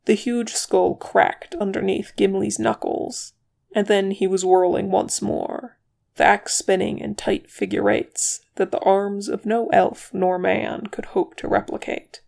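Slow, gravelly storybook reader. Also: mid-range voice, flat delivery, darkish tone. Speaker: audiobook reader. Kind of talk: reading fan fiction aloud.

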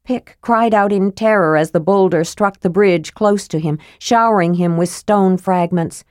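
Woman, low-pitched, dry sound, steady measured narration, fantasy audiobook. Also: clean tone, no echo.

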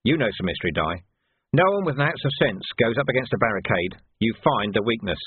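A tired, shrewd watch commander read by a male narrator, giving dry, clipped orders in a husky voice. The sound is thin and phone-like with no room echo. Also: medium pitch, sing-song, brisk. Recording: tinny phone-like band.

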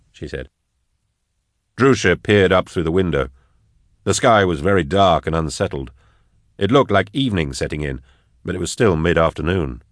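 A deep-voiced man narrates a novel in a measured, quiet way, his pitch moving expressively through each sentence. The recording is close and dry, with no room sound. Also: expressive, dry recording. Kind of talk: scripted audiobook narration.

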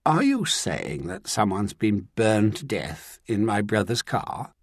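A controlled, authoritative woman gives firm, clipped orders, as a man reads her. The voice is husky and dry, lifted well above the reader's usual pitch. It is a dry, close audiobook reading. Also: very animated, slow pace, dry recording, heavily acted. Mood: urgent.

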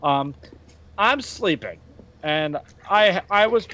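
Excitable man hosting a podcast. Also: high-pitched, slow, highs cut off, a little hiss or hum. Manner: excitable storyteller, laughs often. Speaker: podcast host. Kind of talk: casual chat.

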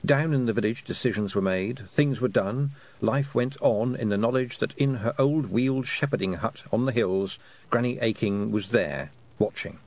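A man narrating an audiobook in an expressive storytelling manner. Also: medium pitch, normal speed. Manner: expressive storytelling, voicing the characters. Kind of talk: scripted narration.

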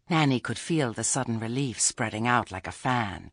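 Reading from a script, a man with a medium-pitched voice narrates an audiobook in a measured yet expressive manner. The sound is clean studio audio with no room sound.

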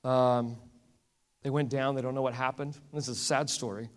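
A man preaching a sermon as a pastor, telling stories in an animated way that swings between loud and hushed. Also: mid-range voice, normal speed. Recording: echoey hall.

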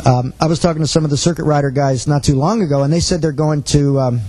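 A man's voice: on the high side, fast talker, dark tone, slight background noise, rough recording. A man giving an earnest teaching talk to a missions class, telling a personal story and quoting the dialogue.

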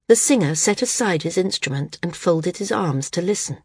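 Low, gravelly woman narrating a story. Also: no room sound, clean studio sound. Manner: calm, measured storytelling. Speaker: audiobook narrator. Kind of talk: scripted narration.

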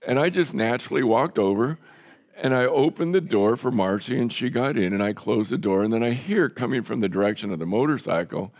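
A man's voice: medium pitch, fairly quick. A man preaching a sermon as a pastor, in a conversational, folksy way with self-deprecating humor.

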